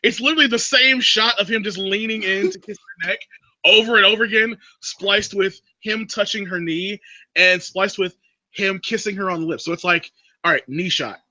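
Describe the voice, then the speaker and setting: A man hosting a casual chat, recapping a film plot as an animated storyteller. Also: moderate pace, no room sound, rough recording. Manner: animated storyteller, drops into a creepy low voice for quotes. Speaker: podcast host recapping a movie.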